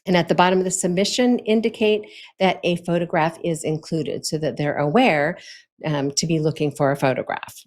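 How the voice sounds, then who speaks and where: A woman's voice: sits low, fairly even intonation, normal speed, darkish tone. A woman host giving casual, chatty instructional advice to authors, with frequent fillers and light laughs.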